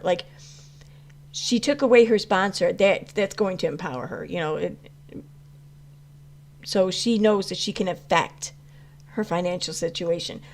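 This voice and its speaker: A woman's voice: mid-range voice, a little mellow. A woman hosting a casual livestream, reacting to chat messages and rambling through her views with many restarts, some swearing and frequent laughter. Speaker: commentary channel host reading live chat.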